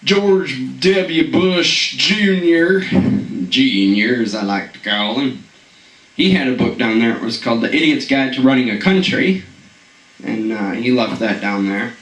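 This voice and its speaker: A man's voice: medium pitch, animated, normal speed, fairly bright tone, reverberant, recorded from a distance, low-quality recording. A man doing a rambling comedic monologue, stammering and chuckling at his own jokes.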